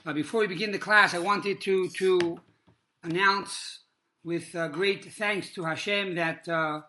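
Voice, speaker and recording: A man leads a Torah class in a sermon style, with a high voice. His tone is very bright and ringing, and he tells stories slowly with many pauses, dropping Hebrew religious terms along the way. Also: steady tone, slight background noise. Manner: measured storytelling with frequent pauses and fillers. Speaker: rabbi teaching a Torah class.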